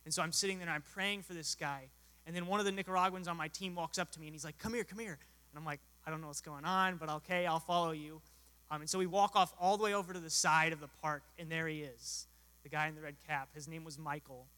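A man's voice: fairly high pitch, fairly even intonation, quick pace, pushed and bright. A young adult man telling an earnest testimony as a mission volunteer, acting out the dialogue. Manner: earnest storyteller, acts out dialogue. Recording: hall reverb.

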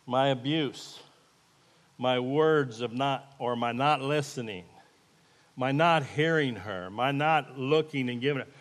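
A man's voice: mid-range voice, slow. Earnest folksy man preaching in an echoey hall. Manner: folksy, earnest, plain-spoken. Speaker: lay preacher. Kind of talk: informal sermon with live demonstration. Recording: echoey hall with long reverb.

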